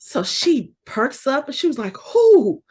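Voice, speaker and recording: A woman's voice: high-pitched, expressive, moderate pace, slightly rough. A woman in her forties co-hosting a podcast, telling a story in casual chat and acting out the voices of the people she quotes. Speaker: podcast co-host.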